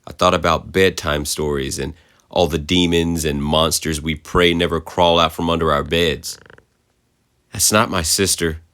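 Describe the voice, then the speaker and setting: Deep-voiced man narrating horror. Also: flat delivery, fairly bright tone, smooth. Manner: measured, somber storytelling. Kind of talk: creepypasta narration.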